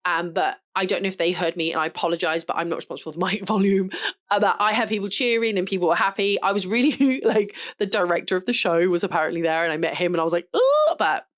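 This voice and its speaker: A woman's voice: fairly low pitch, fairly even intonation, quick pace. Chatty, rambling woman vlogger. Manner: chatty, rambling, laughs often. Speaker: photographer and vlogger. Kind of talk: casual chat to camera.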